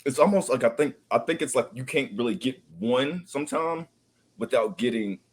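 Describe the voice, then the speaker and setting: Young man, Southern US accent, husky, casual podcast host, playful and loud. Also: mid-range voice, expressive, normal speed. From American South. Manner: loud, joking, slangy storytelling.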